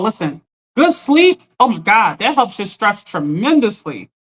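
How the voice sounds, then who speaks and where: A woman life coach with a somewhat high voice talks straight to her live-stream viewers. She is emphatic and encouraging, calling them "y'all" and pressing her point again and again. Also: fairly bright tone. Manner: earnest and encouraging, greeting viewers by name. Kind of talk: live-streamed motivational talk.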